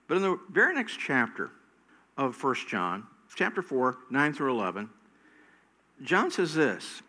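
A middle-aged male pastor preaching a sermon slowly and emphatically, his voice swelling louder at high points. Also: very animated.

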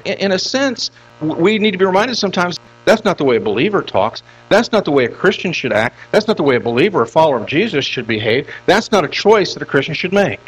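Older man, pastor's sermon voice, animated pitch, repeats lines for emphasis. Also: poor audio. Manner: emphatic, repeats phrases for stress.

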